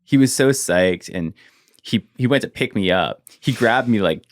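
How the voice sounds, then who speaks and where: A man's voice: fairly low pitch, lively intonation, moderate pace, no room sound, clean studio sound. A man, a guest in an interview, telling a personal story casually and leaning on "like" as he goes. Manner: casual, fills with "like", trails off quietly.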